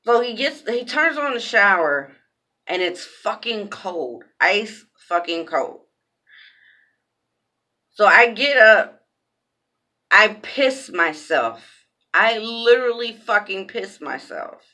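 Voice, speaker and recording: A woman's voice: medium pitch, very animated, slow pace, long pauses, sharp tone. A woman telling a personal story in a casual vlog, cursing bluntly, repeating phrases for emphasis, raw and emphatic.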